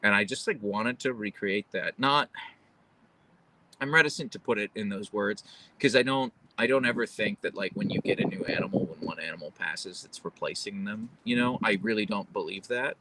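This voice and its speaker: A man's voice: fairly low pitch, moderate pace, sharp tone, a little hiss or hum, rough recording. A man hosting a casual live stream at home, chatting in a rambling way full of fillers and restarts. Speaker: livestream host. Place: at home, with his dogs.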